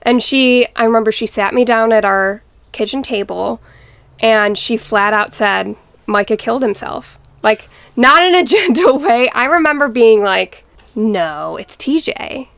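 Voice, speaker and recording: A young woman guest telling a painful personal story in a podcast interview, halting and restarting as she recalls what happened. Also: a little high, gravelly, fairly bright tone, clear, resonant tone, no room sound. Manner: halting, restarts, quotes family members.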